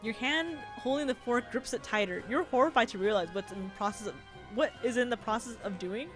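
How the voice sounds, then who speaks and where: A woman's voice: a little high, fairly quick, faint music behind. A woman streamer reading a visual novel aloud, adding giggly, sweary asides. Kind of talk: reading a game aloud with commentary.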